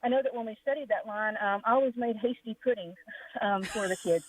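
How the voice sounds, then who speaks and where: A woman's voice: on the high side, a little fast, breathy edge. A woman calling in to a radio show, explaining at length with many hesitant ums. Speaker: caller. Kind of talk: phone call to a radio show. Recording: tinny phone line.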